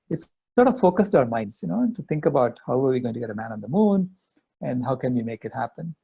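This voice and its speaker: A man's voice: mid-range voice, animated, brisk, creaky, mellow, slightly rough. An older man, a guest in an interview, earnestly telling a personal story. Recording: dull lo-fi audio.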